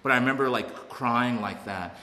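A middle-aged man from Alabama, USA, speaks earnestly to an audience about his recovery in a mid-range, bright, forceful voice at a moderate pace. He restarts often and acts out voices, and the hall's long reverb carries faint noise.

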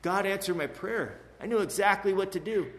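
A forties-aged man gives a personal testimony to a recovery meeting, his high, somewhat bright voice moving fairly quickly. The sharing is emotional and wandering, peppered with "you know what I mean," and the hall echoes with faint background noise.

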